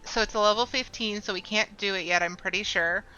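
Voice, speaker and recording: Bright, chatty woman streamer. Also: mid-range voice, brisk, clean tone, highs cut off, soft background music. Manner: chatty, excitable. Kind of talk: casual game commentary.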